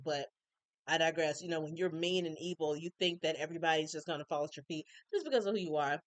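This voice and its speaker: Fast-talking woman recapping a show. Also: deep voice, no room sound. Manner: chatty, opinionated, acts out characters' lines; colloquial, animated asides. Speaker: recap reviewer. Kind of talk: casual TV recap.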